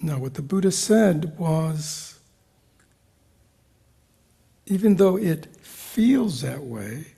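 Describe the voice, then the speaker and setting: Gravelly husky man giving a dharma talk. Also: a little high, animated, extremely slow, long pauses. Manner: questioning, engaging the audience with repeated "right?" and "you know"; drops into soft whispers at times. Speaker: meditation teacher. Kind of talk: dharma talk to a retreat group. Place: meditation hall with a live group.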